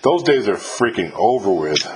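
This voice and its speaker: A man's voice: fairly low pitch, big pitch swings, normal speed, husky, low-quality recording. Casual, profane middle-aged male host. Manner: loose and profane, many fillers and restarts. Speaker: podcast host interviewing a musician. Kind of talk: casual chat.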